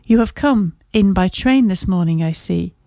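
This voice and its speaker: A woman voicing a confident, observant male detective in a storybook reading, speaking in crisp, measured Victorian phrasing. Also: medium pitch, expressive, dark tone, dry recording, natural voice. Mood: composed.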